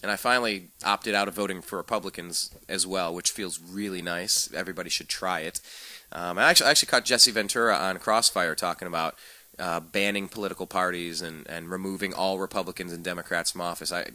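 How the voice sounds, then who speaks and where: Low guy ranting about politics, bright edgy voice, dry sound. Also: fairly even intonation, no room sound. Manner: opinionated, ranting, fast restarts. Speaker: talk show host. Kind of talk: casual political talk.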